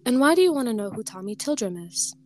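A fairly high-voiced young woman reads an old folk tale with playful, animated voices for each character. Music plays clearly underneath her. Between the reading she chats loosely and laughs easily. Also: fast talker. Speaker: podcast co-host. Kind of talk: reading a folk tale aloud, then casual chat.

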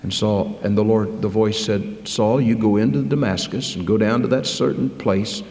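A man preaching a sermon, swinging from loud, high-pitched preaching to slow, quiet, low passages. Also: fairly even intonation. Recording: echoey hall, long reverb.

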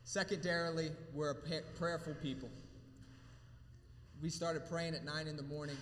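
Speaking on the high side with a steady tone at a moderate pace, a pastor addresses his congregation in a church hall. His emotional preaching climbs in intensity before giving way to a quiet prayer. The recording carries a little hiss or hum, long reverb and faint room ambience.

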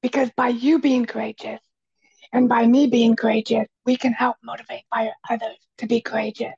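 A woman with a quiet, raspy voice, talking earnestly as a guest on an interview, stressing key phrases by repeating them. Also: on the high side, level tone, normal speed, muffled recording. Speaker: podcast guest, speaker and kitchen coach. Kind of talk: casual conversation.

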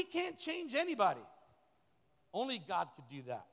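A middle-aged man, a pastor, delivering a lively, colloquial sermon that repeats key phrases. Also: a little high, takes it slowly, vocal fry, pauses often. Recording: long reverb of a large hall.

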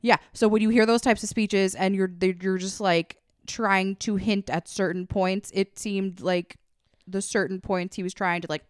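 A woman co-hosting a comedy podcast, talking in a measured, thoughtful casual way. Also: fairly even intonation, clean tone, dry recording, studio quality. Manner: thoughtful, measured, with "like" and "low-key". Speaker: podcast co-host.

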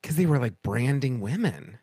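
A man's voice: mid-range voice, normal speed, slightly rough, no room sound, studio quality. A man co-hosting a casual podcast chat, telling stories and acting out other people's lines as he goes. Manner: animated storyteller, acts out quoted voices. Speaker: podcast co-host.

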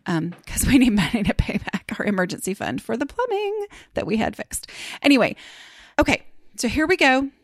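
A woman's voice: a little high, sing-song, normal speed, dry recording, clean studio sound. A woman hosting a podcast, chatting casually and rambling with lots of fillers and restarts. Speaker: podcast host.

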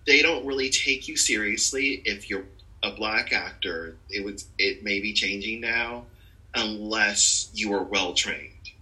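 A man, an actor, talking about his career as a guest in a relaxed podcast conversation, laughing often as he tells stories. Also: fairly low pitch, measured pace, rough recording. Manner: laughs often, animated storytelling. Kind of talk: casual conversation.

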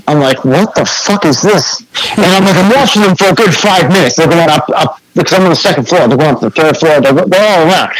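A man's voice: on the high side, fast talker, few pauses, rough recording. Laid-back young New England man, cursing. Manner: laid-back, heavy swearing, lots of fillers. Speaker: podcast guest, graffiti artist. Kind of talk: casual storytelling chat.

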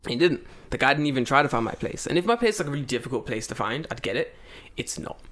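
A man's voice: medium pitch, big pitch swings, fast, a bit bright. A man in casual chat, telling a story with lots of swearing and acted-out voices. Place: lives in Japan.

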